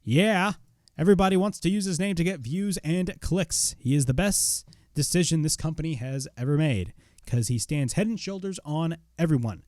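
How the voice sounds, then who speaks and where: A man's voice: on the high side, lively intonation, normal speed, a little mellow, no room sound, studio quality, close to an everyday voice. A man doing an impression of a cocky male wrestler cutting a brash, boastful promo. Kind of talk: impression within a review.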